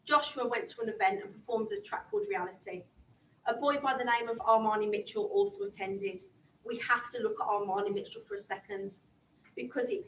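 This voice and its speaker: A middle-aged woman gives an impassioned public talk, telling her story to young people in a slightly high, somewhat bright voice. She's far from the mic in an echoey room, and there's a little hiss or hum.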